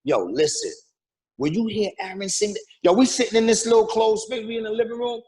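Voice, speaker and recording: A middle-aged man, a rapper, telling an animated story as an interview guest, acting out quotes and humming beats. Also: high-pitched, fairly quick, slightly rough. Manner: lively, acts out quotes, hums beats and sings snippets.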